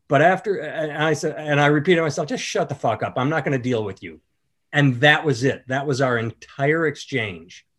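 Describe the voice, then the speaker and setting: Male comedian-host, casual podcast chat, storyteller who acts out the people he quotes. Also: medium pitch. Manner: storytelling, animated when quoting others.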